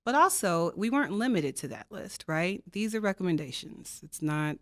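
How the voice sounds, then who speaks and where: A woman's voice: lowish voice, animated, moderate pace, fairly bright tone, dry recording. A woman speaking as a podcast guest, telling stories earnestly and emphatically, with rhetorical questions. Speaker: diversity co-chair and faculty guest. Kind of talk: reflective conversational storytelling.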